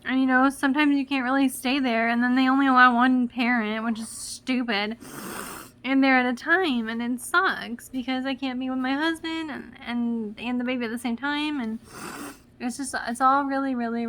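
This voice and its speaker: Young woman, high voice, bright tone, rambling, fillers, teary, casual vlog. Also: moderate pace. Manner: emotional, rambling with many fillers and restarts. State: close to tears. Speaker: vlogger mom.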